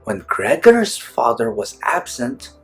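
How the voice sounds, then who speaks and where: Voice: mid-range voice, sing-song, slow pace, gravelly, husky, soft background music. A storyteller reading a classic tale aloud, stopping often to restate harder words in simpler English and acting out the quoted lines playfully. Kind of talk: read-aloud storytelling with word explanations.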